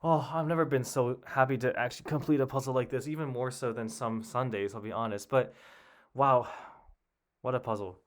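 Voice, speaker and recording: A young man solving a crossword on his own, talking under his breath as he tries out one answer after another. He trails off into quiet guesses and then speaks up again when something clicks. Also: medium pitch, steady tone, a little fast. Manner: muttering guesses, thinking aloud. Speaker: puzzle solver. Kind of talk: casual solo commentary while solving.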